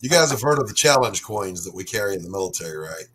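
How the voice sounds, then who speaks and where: A man's voice: lowish voice, expressive, fast talker, crowd noise, poor audio. A man who served in the military, chatting on a livestream and often restarting his sentences. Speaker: military veteran panelist. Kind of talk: casual group chat on a livestream. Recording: clear background noise on the line.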